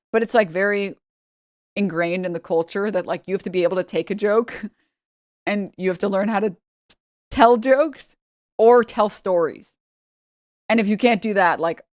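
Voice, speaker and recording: A woman's voice: fairly low pitch, no room sound, clean studio sound. A woman from New York, a streamer giving casual reaction commentary, rambling and repeating her points for emphasis.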